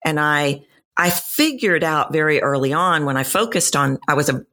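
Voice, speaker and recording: Low-voiced Texan woman, storytelling. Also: moderate pace. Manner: animated storyteller, acts out quoted voices. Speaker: voice and dialect coach. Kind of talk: podcast interview answers.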